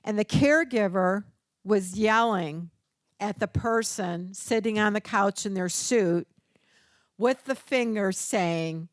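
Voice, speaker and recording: Older woman workshop presenter, unhurried, dry close sound, storyteller who acts out quotes. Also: mid-range voice, dry recording. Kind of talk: teaching workshop talk.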